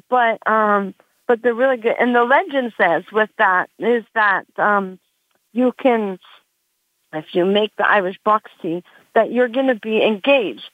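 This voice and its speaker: A woman's voice: fairly high pitch, no echo. Rambling woman comedian, chatting through her stand-up bit with lots of fillers. The sound is dry and squeezed down like a phone call. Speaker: comedian guest. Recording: dry, tinny phone line.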